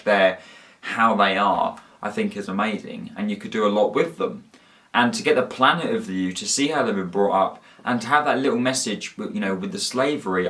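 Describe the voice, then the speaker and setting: An eager man chatting casually about his favourite episodes, his voice sitting a little on the low side. He gushes, circles back and restarts his sentences as he goes. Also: fairly bright tone. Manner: enthusiastic, rambling with frequent restarts. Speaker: fan reviewer. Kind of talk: casual ranking chat.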